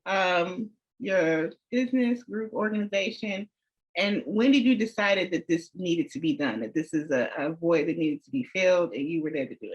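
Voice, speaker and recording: A panel moderator with a mid-range voice introduces the guests and asks them questions. The tone is measured and friendly, and the audio sounds dull and lo-fi. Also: medium pitch, expressive, husky.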